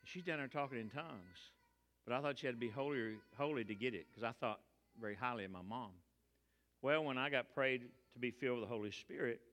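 Older preacher man, folksy sermon storytelling, bright forceful voice, big echoey church hall. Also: mid-range voice. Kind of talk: testimony sermon. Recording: long reverb of a large hall.

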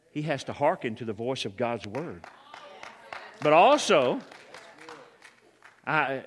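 Guy preaching, bouncy lively pitch, bright forceful voice, big echoey hall. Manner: animated, acts out reactions with sudden shouts. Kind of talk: sermon.

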